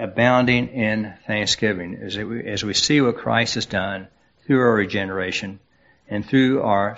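A man preaching a sermon as pastor, unhurried and halting, with many fillers and restarts. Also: on the low side, gravelly, a bit bright, lo-fi sound.

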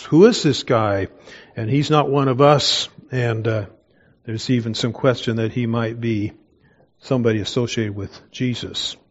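A man's voice: mid-range voice, lo-fi sound. An older man preaching a conversational Bible sermon, digressing with personal stories and chuckles. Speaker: pastor. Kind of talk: expository sermon.

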